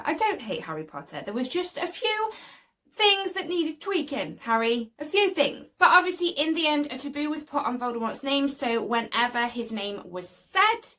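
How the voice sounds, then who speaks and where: A woman's voice: a little high, fairly bright tone. A woman giving casual, opinionated fan commentary to her channel, leaning on "obviously" and "right?" as she talks. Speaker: video creator.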